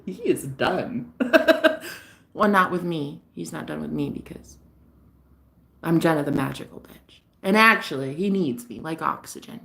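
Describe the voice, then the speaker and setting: Animated bright-voiced woman vlogger. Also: fairly low pitch. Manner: animated, laughing, profane and emphatic. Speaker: spiritual reader and vlogger. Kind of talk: casual gossipy monologue.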